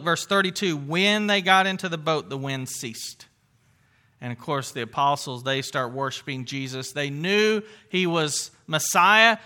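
Bright, high-pitched man preaching earnestly. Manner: earnest, conversational, restarts and asides. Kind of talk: sermon.

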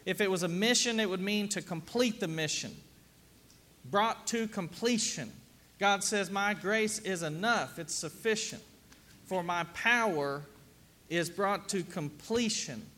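A middle-aged man preaching a sermon in a relaxed, conversational manner. His voice sits fairly high for a man. He often turns to the congregation with questions. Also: measured pace. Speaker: pastor. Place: church sanctuary with congregation.

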